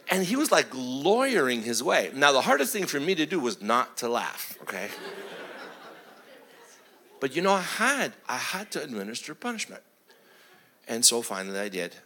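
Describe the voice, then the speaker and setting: A middle-aged man, a pastor, telling family stories in a sermon, animated and chuckling as he acts out the voices. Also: medium pitch, moderate pace, pauses often, slight background noise. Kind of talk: sermon storytelling.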